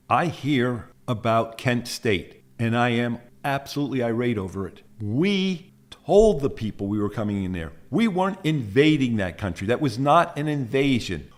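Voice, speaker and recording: An older American man recounts his war days in a plainspoken, storytelling voice at an ordinary, middle pitch. He tells it casually and grows animated when the story turns to a confrontation. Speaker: Vietnam veteran telling war stories. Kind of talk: casual first-person storytelling.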